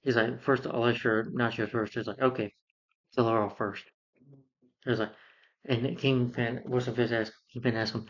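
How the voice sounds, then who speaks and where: A man's voice: medium pitch, little pitch movement, fast talker. A man recapping a film plot in a casual, rambling way, with many fillers and restarts. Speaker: film reviewer. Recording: dull lo-fi sound.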